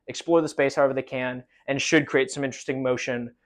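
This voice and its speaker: A man's voice: mid-range voice, fairly even intonation, fast. A man teaching marching band choreography, explaining loosely with lots of fillers and counting steps aloud, a little out of breath from demonstrating.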